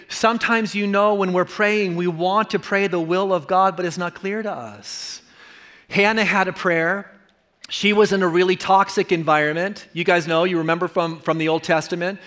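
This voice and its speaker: High-voiced man preaching a sermon. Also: fairly even intonation, moderate pace, fairly bright tone. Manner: earnest, repetitive, conversational preaching. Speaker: pastor.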